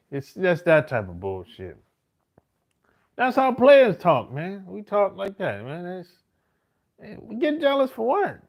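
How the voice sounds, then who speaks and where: A man's voice: high voice, huge pitch swings, unhurried, creaky. A middle-aged man, telling stories in a casual, boastful and profane monologue full of slang. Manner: profane, slangy street talk with frequent "man" and "bro"; boastful, swaggering. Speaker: host.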